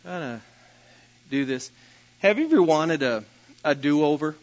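Male pastor preaching, storytelling, kinda high and bright, dull lo-fi sound. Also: lively intonation, measured pace. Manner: storytelling, self-deprecating, rises to loud bursts. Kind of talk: sermon.

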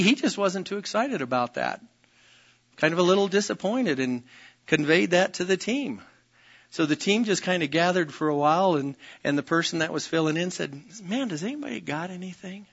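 A man's voice: fairly high pitch, fairly bright tone, lo-fi sound. A man preaching a sermon as pastor, emphatic and repetitive, often calling out "Amen?" to his congregation. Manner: emphatic, repeats phrases, calls out "Amen?" to the congregation.

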